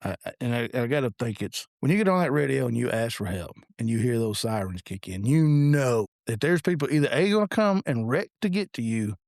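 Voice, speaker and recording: A man's voice: medium pitch, lively intonation, fairly quick, hardly any pauses, darkish tone, no echo, studio quality. A man in his forties, a police officer co-hosting a podcast, telling blunt, profane stories in casual chat.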